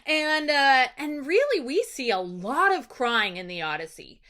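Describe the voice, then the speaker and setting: Bright-voiced chatty teacher woman. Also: high voice, measured pace. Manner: animated, chatty, dramatic. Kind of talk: casual lesson recap.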